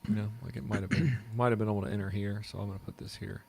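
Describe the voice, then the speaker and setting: A man's voice: fairly low pitch, fairly even intonation, racing, creaky, warm tone, slightly rough. A man co-hosting a casual chat, joking and thinking aloud. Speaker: co-host.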